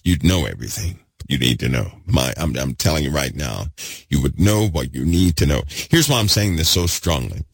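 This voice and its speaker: A man preaching a fervent sermon, repeating himself and swinging between loud bursts and hushed asides. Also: low-pitched, husky, no room sound.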